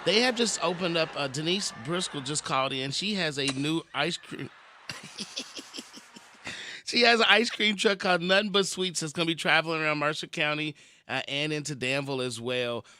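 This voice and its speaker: Male local radio host, rambling, friendly call-in chatter, bright tone. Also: fairly high pitch, normal speed. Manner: rambling, chatty, self-deprecating. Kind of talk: casual call-in radio chat.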